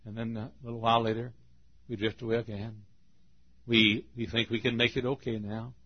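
Husky folksy preacher man. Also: mid-range voice, little pitch movement, fairly quick, lo-fi sound. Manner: folksy, swings from hushed to loud. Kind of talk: storytelling sermon.

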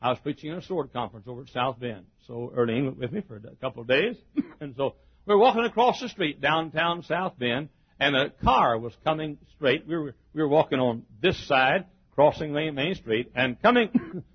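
A man preaching a sermon, telling stories, breaking into shouted exclamations and chuckles. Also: on the high side, animated, moderate pace, husky. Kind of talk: sermon with storytelling. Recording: dull lo-fi recording.

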